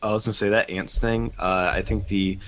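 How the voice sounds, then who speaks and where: Deep-voiced male podcast co-host, rambling casual explainer. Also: fairly even intonation, brisk, fairly bright tone, a little hiss or hum. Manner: rambling explainer, hedging with likes and rights.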